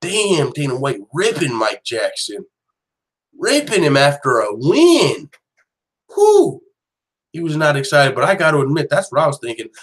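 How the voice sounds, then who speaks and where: A man hosting an online show, giving casual, profane, animated commentary full of quick restarts. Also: a little high, low-quality recording. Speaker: host of an MMA news channel.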